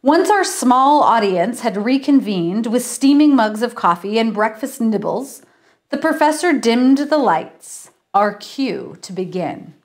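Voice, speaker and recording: A woman author reads her own mystery story aloud, then chats with her livestream viewers. She talks at an unhurried pace in a slightly higher register, laughing at herself now and then. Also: lively intonation. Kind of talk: reading aloud and chatting on a livestream.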